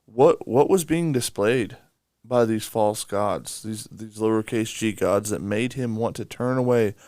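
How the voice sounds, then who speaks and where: A man's voice: fairly low pitch, unhurried, a little mellow, no room sound. Dry-voiced man musing in casual talk. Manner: slangy, musing, questioning aloud. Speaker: podcast co-host. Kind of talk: casual Bible discussion.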